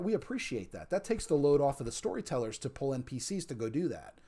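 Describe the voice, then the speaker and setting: A man's voice: fairly high pitch, animated, fast talker, few pauses, dark tone. Rambling male streamer who repeats himself. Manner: rambling, repeats points for emphasis, reads chat messages aloud. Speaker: streamer and storyteller of a role-play server. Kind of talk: casual livestream chat.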